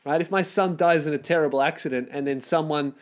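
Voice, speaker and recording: A man's voice: on the high side, fast. A man, hosting a solo podcast and ranting in a profane, exasperated, sarcastic way. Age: 20s. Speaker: podcast host.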